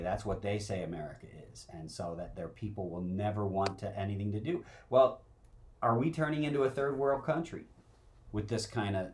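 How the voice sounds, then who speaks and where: Lower-voiced man in casual talk. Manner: conversational, laughs often. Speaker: co-host. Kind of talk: casual talk-show conversation.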